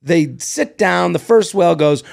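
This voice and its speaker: A man co-hosting a podcast, telling stories in casual chat, animated and laughing often. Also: sits high, a little slow, gravelly. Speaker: podcast co-host.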